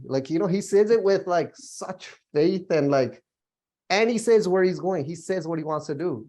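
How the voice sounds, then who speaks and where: Leading a relaxed spiritual class on Gurbani, this young teacher speaks briskly in a slightly high voice. He rambles amiably, scattering fillers and laughing often.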